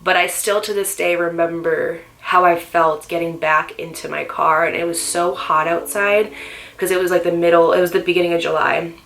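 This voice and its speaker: A young woman in her twenties tells her own story straight to the camera, candid and emotional, with plenty of "like" and "um". Her voice sits a little low but sounds bright and clear. It is an intimate, personal vlog storytime. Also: steady tone, normal speed, a little hiss or hum. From Northeastern US. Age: 20s. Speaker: vlogger.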